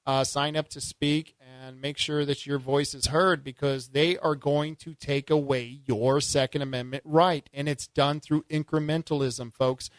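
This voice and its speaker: Talk radio host, male, slightly high voice, fervent, rhetorical, dry studio sound. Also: fairly even intonation, a little slow, hardly any pauses, dry recording. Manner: fervent, rhetorical, folksy asides to listeners. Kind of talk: call-in political talk radio.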